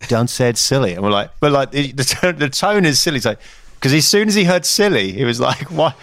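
A man's voice: mid-range voice, sing-song, fairly quick, a bit bright. A male podcast host from England chats casually and tells funny anecdotes. His voice sits in the middle range and sounds dry and close, with no room echo. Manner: chatty, laughs through his anecdotes.

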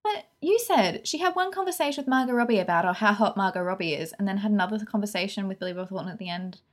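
A woman's voice: mid-range voice, expressive, fast talker. A woman, co-hosting a podcast and giving frank, opinionated film reviews in casual chat. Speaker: podcast co-host.

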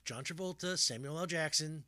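Casting note: man, podcast co-host, bright, fairly high voice, rambly and laughing, dry close sound. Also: normal speed, no echo. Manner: rambling, laughs often, many fillers and restarts. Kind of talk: casual chat.

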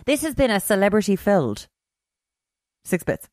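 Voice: medium pitch, sing-song, a little mellow, dry recording, clean studio sound. A podcast co-host chatting casually and chiming in with quips. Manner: chatty, quick to chime in with quips.

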